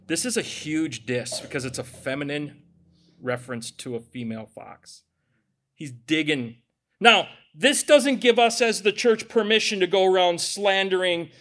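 A man's voice: on the high side, fairly bright tone. A man preaching a sermon as pastor, conversational and joking, with sarcastic asides.

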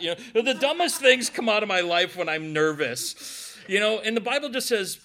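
Emotional preaching man, slightly high voice. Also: animated, normal speed, hardly any pauses, bright, forceful tone. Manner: earnest, emotional, with self-deprecating asides. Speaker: pastor. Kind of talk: conversational sermon.

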